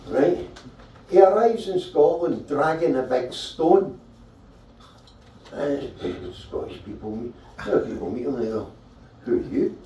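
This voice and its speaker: A man doing stand-up storytelling, chatty and irreverent, often asking "right?". His voice is mellow and a little high. He is heard from a distance in a roomy live venue with faint background noise. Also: takes it slowly, long pauses. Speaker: stand-up comedian.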